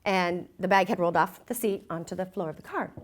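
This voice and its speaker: A woman giving a sermon, telling a personal story in an animated, self-mocking way. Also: fairly low pitch, fairly quick. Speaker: speaker.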